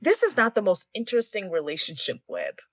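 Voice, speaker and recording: A woman's voice: mid-range voice, wildly swooping pitch, a little fast, dry recording. A woman co-hosting a podcast, joking bluntly in slangy casual chat about a movie. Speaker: podcast co-host.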